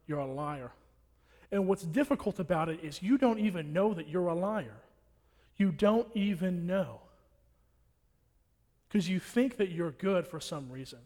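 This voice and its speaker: A man's voice: high voice, darkish tone. A young man preaching a sermon in a church, blunt and repetitive, hammering his warnings home. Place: church hall. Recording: long hall reverb.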